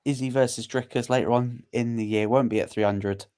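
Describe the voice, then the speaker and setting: A man co-hosting a casual fight watchalong, eager and opinionated, quick to call the next matchups. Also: medium pitch, fairly even intonation, mellow, clear, resonant tone. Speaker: co-host. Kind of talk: casual fight commentary chat.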